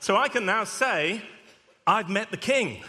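Male vicar, bright animated delivery, humorous storyteller, long hall reverb. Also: high-pitched, a little slow, slight background noise. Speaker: vicar, preacher. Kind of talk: sermon with anecdote.

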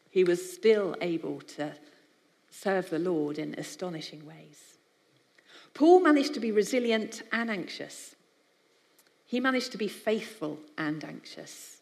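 A woman's voice: medium pitch, animated, moderate pace. Woman preaching in a reverberant hall. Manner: warm conversational preaching with acted-out voices. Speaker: speaker for a biblical counselling charity. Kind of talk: sermon-style talk to a live audience. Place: large hall with an audience.

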